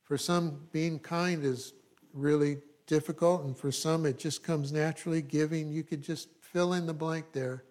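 A man's voice: on the high side, fairly even intonation, normal speed, darkish tone. A middle-aged male pastor preaching a sermon in a conversational way, with asides and frequent check-ins with the congregation.

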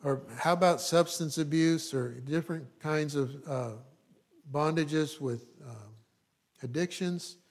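A man's voice: fairly high pitch, takes it slowly. A middle-aged male pastor preaching a sermon in a conversational way, with asides and frequent check-ins with the congregation.

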